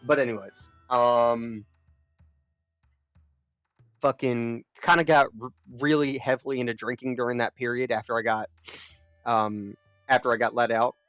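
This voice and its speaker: A man's voice: medium pitch, steady tone, unhurried, long pauses, fairly bright tone, no echo, soft background music. Young man rambling on a dull stream mic. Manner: rambling, profane, frank. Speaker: live streamer. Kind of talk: casual storytelling chat.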